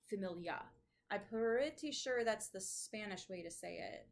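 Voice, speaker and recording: A woman's voice: mid-range voice, expressive, moderate pace, poor audio. Chatty woman giving a tarot reading. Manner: chatty, swears casually, thinks aloud. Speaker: tarot reader. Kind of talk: casual tarot reading to camera. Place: at home, with her dogs nearby.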